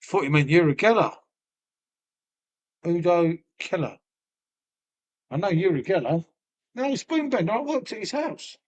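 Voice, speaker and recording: A middle-aged man talks loosely to his live-stream viewers, rambling from one thing to the next. He swears freely and laughs often, in a voice that sits fairly high for a man. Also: expressive, a little slow, long pauses. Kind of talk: casual chat to a live stream.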